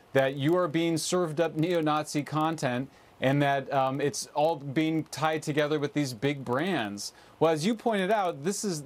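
A man speaking as a guest in a TV interview, earnest and emphatic. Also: a little high.

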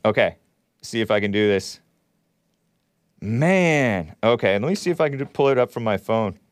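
A man's voice: on the low side, lively intonation, normal speed, clean tone, no room sound, clean studio sound. A man hosting a call-in talk show, delivering a combative, sarcastic monologue full of rambling asides.

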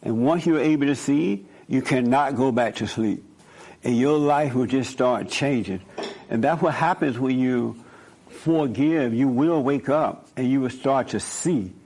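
A man's voice: medium pitch, unhurried, a little mellow. A man hosting a call-in talk show, preaching emphatically and repeating his points. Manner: emphatic, repeats points, chuckles while telling stories. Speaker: host.

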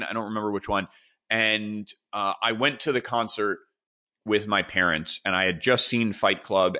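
Bright-voiced man telling casual stories. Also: fairly low pitch. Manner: rambling, animated storyteller with many fillers and restarts. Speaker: podcast host. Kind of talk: casual storytelling chat.

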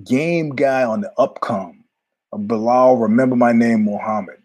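A middle-aged man from New York hosting his own show, telling stories in a rambling, animated monologue full of asides. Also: mid-range voice, measured pace, slightly rough. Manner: rambling, animated, jumps between tangents with asides. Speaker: podcast host. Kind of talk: casual monologue storytelling.

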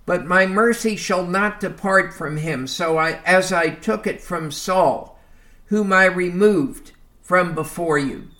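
A man teaching a Bible lesson, reading verses aloud and explaining them deliberately, often calling his listeners folks. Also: high-pitched, bright, forceful tone. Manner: slow, deliberate, reads scripture aloud and explains it.

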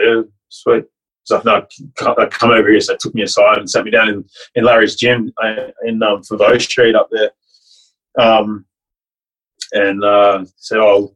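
Here the rugby league player and coach from Fiji speaks in a lowish, slightly bright, slightly rough voice on a rough recording. The young man's casual story is heartfelt and meandering, full of restarts and "like."

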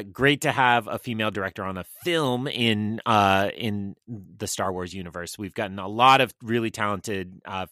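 A man's voice: deep voice, sharp tone, no room sound, studio quality. A man co-hosting a podcast in a casual, enthusiastic, chatty way. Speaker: podcast co-host. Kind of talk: casual chat.

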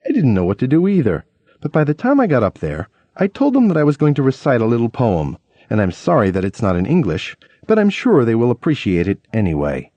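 Male memoir narrator, very animated pitch, mellow tone, dry dull lo-fi recording. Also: a little fast, dry recording. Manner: lively storytelling with acted-out quotes. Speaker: audiobook narrator.

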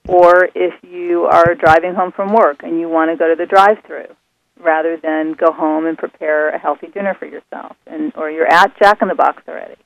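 Woman guest calling in over a tinny phone, slow soothing explainer. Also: low-pitched, vocal fry, dry recording. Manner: calm, soothing, patient teacher. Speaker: author and guest. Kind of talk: explaining on a radio call-in. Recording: thin phone line.

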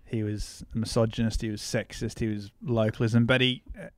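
A man's voice: fairly low pitch, level tone, brisk, no echo. Rambling, laughing male surf writer. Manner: rambling, laughing, self-deprecating. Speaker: surf writer and podcast guest. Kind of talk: casual interview chat.

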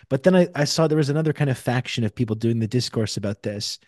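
A man's voice: mid-range voice, fast, hardly any pauses, a little mellow, no room sound, studio quality. A man hosting a podcast in casual chat, recapping a story in a conversational way.

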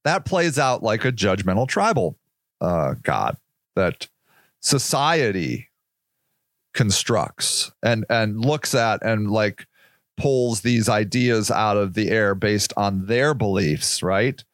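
A man musing aloud in a loose, unscripted monologue, his pitch rising and dipping a lot as he speaks. He takes his time, drawling through his thoughts at an unhurried pace. His voice sounds close and dry, with hardly any room sound around it. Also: no echo. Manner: rambling, animated, swears casually, acts out quoted voices. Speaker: podcast host. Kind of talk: casual monologue.

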